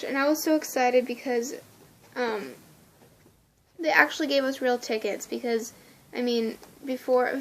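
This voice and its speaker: A woman excitedly telling a story in a casual vlog, gushing and laughing often. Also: a little high. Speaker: vlogger.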